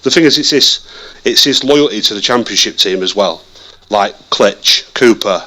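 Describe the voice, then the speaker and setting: A lower-pitched man with a bright, forceful tone. He chats casually about football as a podcast co-host. He talks in an animated way, repeating words as he restarts his thoughts. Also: normal speed. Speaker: podcast co-host, Leeds fan.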